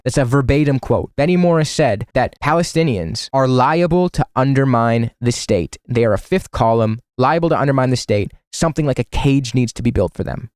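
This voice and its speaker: A man's voice: medium pitch, a little mellow, no echo, clean studio sound. A man streaming casual political commentary, sarcastic and profane, with bursts of mock outrage. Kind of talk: casual political commentary, reacting to material on screen.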